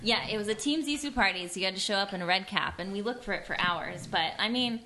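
A woman with a mid-pitched voice chatting as a podcast guest. She sounds upbeat and positive, hedging her points with fillers like "I mean" and "like". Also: fast talker, sharp tone, a little hiss or hum. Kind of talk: casual chat.

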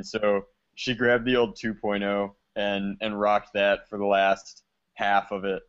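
A man's voice: lowish voice, little pitch movement, normal speed. A young man co-hosting a casual podcast, telling stories in a laid-back, wry way. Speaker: podcast co-host. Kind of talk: casual chat. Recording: slightly dull lo-fi sound.

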